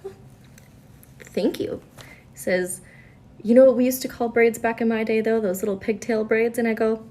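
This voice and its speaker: A woman's voice: medium pitch, steady tone, fairly quick, warm tone. A woman who works as a nurse, telling a story in a wry, disbelieving way. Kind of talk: casual storytime to camera.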